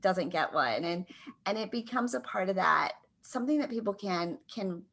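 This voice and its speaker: A woman's voice: mid-range voice, expressive, normal speed, creaky, fairly bright tone. A woman co-hosting a morning talk show, speaking reflectively and often saying "like". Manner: reflective, uses filler 'like' often. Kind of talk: casual chat.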